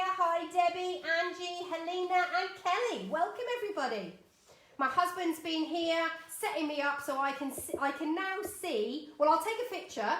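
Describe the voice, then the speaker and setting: A middle-aged woman leads a live drawing lesson from her home studio, bright and high-pitched, chatting and encouraging her viewers as she works. Her voice rings in a roomy, echoey space. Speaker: art teacher.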